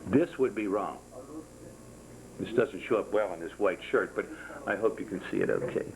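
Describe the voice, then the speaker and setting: A man's voice: on the low side, expressive, moderate pace, gravelly, a crowd in the background, rough recording. An older man demonstrating how to make a rosary to a small class, folksy and jokey, repeating himself and counting steps aloud. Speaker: rosary-making instructor. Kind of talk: hands-on craft demonstration.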